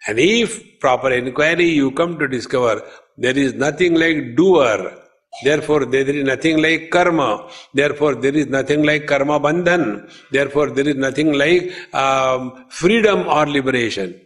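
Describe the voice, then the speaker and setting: A man's voice: medium pitch, moderate pace, a bit bright. A man with an Indian English accent giving a humorous spiritual discourse, chanting verses and telling stories. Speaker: spiritual teacher.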